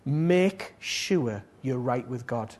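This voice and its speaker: Impassioned preacher, rising and falling. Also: male voice, expressive, very slow. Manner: rises to loud pleading appeals, then drops soft and low. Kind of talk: sermon and prayer.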